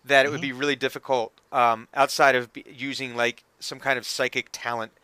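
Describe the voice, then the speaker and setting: Casting: man as a chatty game master, bright and clear, dry room sound. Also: medium pitch, little pitch movement, fairly quick, no echo. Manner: casual, filler-heavy, laughing often. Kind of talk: narrating a tabletop game.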